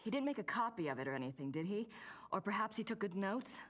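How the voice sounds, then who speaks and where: A woman's voice: medium pitch, big pitch swings, quick pace, a bit bright. An actress playing an earnest, polite young woman researcher who is persistent on the phone.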